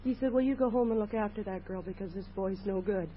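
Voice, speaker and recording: A woman's voice: medium pitch, fast. A woman tells her story at a recovery meeting, earnest and plain in her telling. The recording is muffled, with a faint hiss from an old 1980s tape. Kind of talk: personal sharing at a meeting.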